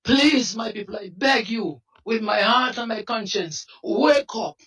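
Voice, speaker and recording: A Dominican man, a protest activist, speaking in an impassioned, pleading way that often rises to a shout. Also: sits high, animated, measured pace. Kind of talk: impassioned street interview. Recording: voice from some distance off the mic.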